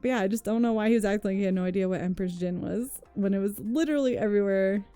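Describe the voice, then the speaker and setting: A woman's voice: medium pitch, rapid-fire, warm tone, clean tone, dry recording, faint music behind. A woman streamer chatting casually with her viewers, telling rambling stories full of "like", swearing and frequent laughter.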